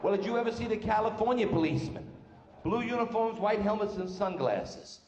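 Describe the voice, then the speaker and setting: A man's voice: sits high, animated, a little mellow, highs cut off, a little hiss or hum. A male stand-up comedian, firing off jokes on stage and slipping in character voices. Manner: brash rapid-fire joke delivery, putting on characters' voices. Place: stage before a live audience. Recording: echoey live club sound with room reverb.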